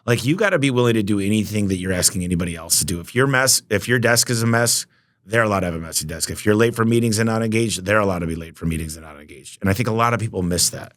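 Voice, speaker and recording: A man telling business stories as a podcast guest, emphatic and energetic, often acting out both sides of conversations. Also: fairly low pitch, racing. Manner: energetic, emphatic, acts out quoted dialogue. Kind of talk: storytelling interview talk.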